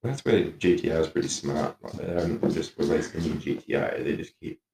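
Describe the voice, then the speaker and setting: Podcast co-host: very deep, gravelly man, casual and jokey, echoey room. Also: brisk, a little mellow, slight background noise. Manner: loose, swearing, jokey. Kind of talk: casual chat.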